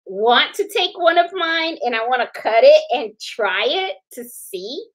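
Chatty high-voiced woman live-streamer. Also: animated, unhurried, rough recording. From Puerto Rican. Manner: chatty, repeats herself, laughs often. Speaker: livestream host. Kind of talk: casual live-stream chat.

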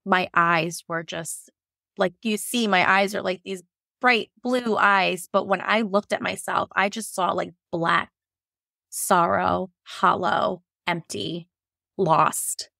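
Gravelly low-voiced woman telling her story. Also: steady tone, takes it slowly, pushed and bright, no room sound, studio quality. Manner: emotional, frank, laughs through hard moments. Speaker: guest sharing her birth story. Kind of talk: candid personal storytelling.

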